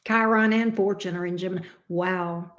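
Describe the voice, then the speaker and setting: This woman, in her fifties, speaks on the low side with a steady tone and normal pace. She's a tarot reader hosting a livestream, reading viewer comments in casual chat, swearing bluntly and laughing readily.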